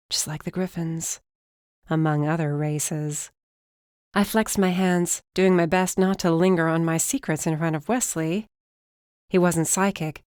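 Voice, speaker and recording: Low-voiced woman narrating an audiobook. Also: darkish tone, clean tone, dry recording, studio quality. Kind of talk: first-person scripted narration.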